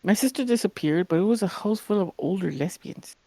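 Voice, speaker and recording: A young woman co-hosting a podcast, telling stories in a lively, animated way and acting out the voices of the people in them. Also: mid-range voice, brisk, creaky, breathy edge, dry recording. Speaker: podcast co-host. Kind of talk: casual chat, storytelling.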